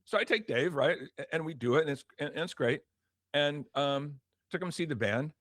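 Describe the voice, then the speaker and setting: His voice sits a little high and moves at a moderate pace, captured in clean studio sound with no room tone. A former record promotion executive, now older, he spins stories as an interview guest, performing dialogue lines and frequently starting over.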